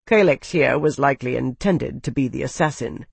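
A fantasy audiobook narrator with a steady, expressive and dramatic delivery. The voice sits mid-pitch. It is recorded dry and close. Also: normal speed, gravelly, breathy edge, dry recording.

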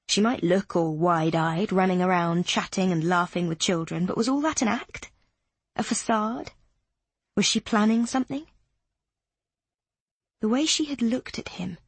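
A woman reading an audiobook in measured, steady narration, with a slightly husky voice. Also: mid-range voice, no echo. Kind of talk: scripted narration.

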